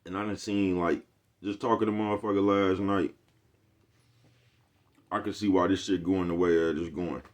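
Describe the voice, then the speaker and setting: A man's voice: deep voice, steady tone, moderate pace, long pauses. A man hosting his own video channel, talking to his viewers in a loose, rambling monologue full of slang and swearing, chuckling often and coming back again and again to the same catchphrase. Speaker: YouTube host.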